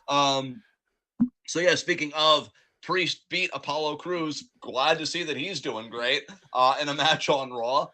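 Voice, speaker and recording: A man co-hosting a casual wrestling review podcast, ranting with profane, animated mock outrage. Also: a little high, measured pace. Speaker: podcast co-host.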